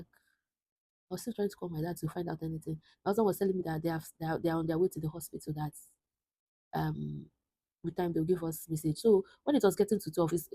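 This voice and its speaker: A young woman in her twenties speaks with a husky, mellow voice that sits a little low. She talks to camera in an earnest, reflective way, pausing and restarting as she works through a personal story. The sound is close and dry, with no room around it. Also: no room sound, poor audio. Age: 20s. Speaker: vlogger.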